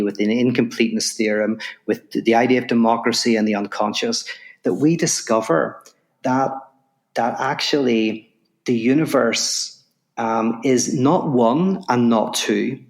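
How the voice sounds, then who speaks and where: A man's voice: mid-range voice, moderate pace. A man telling a parable and then explaining abstract ideas as a podcast guest, acting out the voices in his story and restarting phrases as he builds each point. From Northern Ireland. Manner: lively storyteller, acts out voices in anecdotes.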